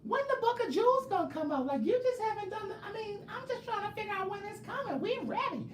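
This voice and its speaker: A man putting on a whiny high-pitched nagging fan. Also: lively intonation, quick pace, echoey room, far from the mic, slight background noise.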